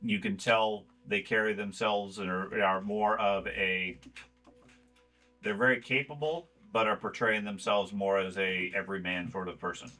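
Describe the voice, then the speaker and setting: A man narrating a tabletop game as game master in a relaxed way, with many fillers. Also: on the low side, moderate pace, soft background music.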